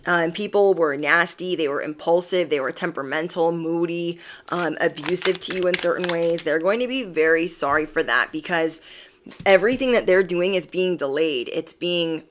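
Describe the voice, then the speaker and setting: A woman's voice: fairly low pitch, moderate pace, slight background noise. A woman giving an emphatic pick-a-card tarot reading, repeating affirmations. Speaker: tarot reader.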